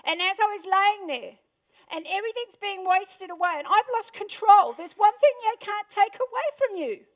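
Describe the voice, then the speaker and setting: A woman's voice: extremely high pitch, lively intonation, moderate pace. An Australian woman giving a motivational talk to a live audience in a room, punchy and full of questions for the listeners. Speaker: motivational speaker.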